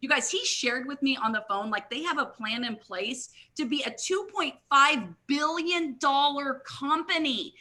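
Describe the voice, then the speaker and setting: A middle-aged woman giving a motivational talk at a live company event, energetic and constantly addressing the audience as "you guys.". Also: high voice, measured pace, hardly any pauses. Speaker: guest speaker, network marketing leader.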